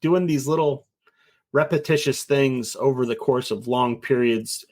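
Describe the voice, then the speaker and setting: A man's voice: mid-range voice, measured pace, a little mellow. A middle-aged man as an interview guest, talking in an earnest, rambling way and now and then acting out quoted voices. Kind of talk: casual conversation.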